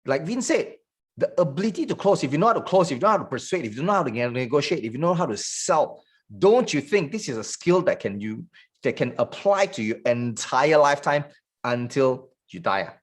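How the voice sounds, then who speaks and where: Fast-talking sales trainer. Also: male voice, a little high, sing-song, slightly rough. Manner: fast, joking, salesy patter.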